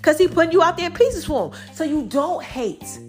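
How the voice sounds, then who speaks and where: A woman's voice: very high voice, sing-song, fairly quick, faint music behind. A middle-aged woman hosting a podcast in a sassy, preachy, casual monologue. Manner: sassy, preachy, sings and squeals some lines. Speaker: podcast host.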